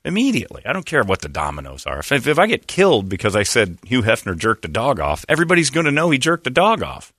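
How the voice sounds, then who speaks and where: A man's voice: mid-range voice, quick pace, few pauses, no echo, studio quality. A man chatting casually on a podcast as host, telling stories animatedly and acting out quotes. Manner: animated storyteller, acts out quotes. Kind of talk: casual chat.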